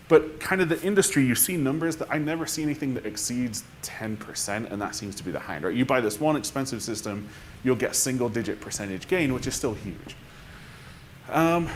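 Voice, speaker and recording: A man's voice: medium pitch, slight background noise. A man speaking on a conference panel, thinking aloud with restarts and tag questions. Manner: thinking aloud with frequent restarts and "right?" tags.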